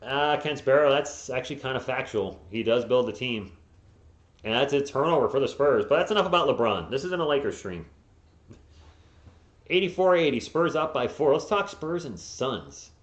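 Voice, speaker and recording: A man calls the game play-by-play for his stream, siding openly with one team. His voice sits at an ordinary pitch and breaks into frustrated yelling when plays go wrong. The recording is roomy and echoey, with a dull, lo-fi tone. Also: animated, moderate pace. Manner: partisan, bursts into frustrated yelling at players. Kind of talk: live play-by-play commentary. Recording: echoey, dull lo-fi home mic.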